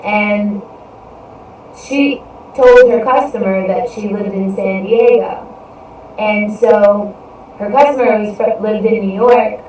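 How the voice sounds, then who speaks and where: Female podcast host, unhurried and rambling, mid-pitched, recorded off-mic in a very echoey room with faint noise. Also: darkish tone. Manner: rambling, fills with "you know". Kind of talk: casual storytelling monologue. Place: indoors, live stream. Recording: roomy echo, distant from mic, faint noise.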